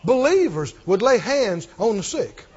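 High-voiced emphatic male preacher. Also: very animated, measured pace, darkish tone, husky. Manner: emphatic, rhetorical questions to the congregation. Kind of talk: sermon. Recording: dull lo-fi recording.

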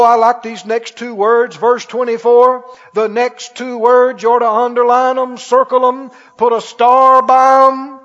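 High-voiced, slow-talking exuberant preacher man. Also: a bit bright, big-room sound, lo-fi sound. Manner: exuberant, laughing, acts out awe with cries. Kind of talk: sermon.

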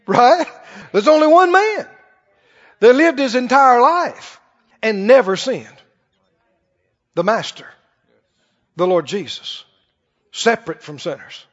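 A man preaching a sermon in an animated, conversational way to a church congregation. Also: very high-pitched, slow, long pauses. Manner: animated, conversational, acts out quoted voices. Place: church hall. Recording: dull recording with long hall reverb.

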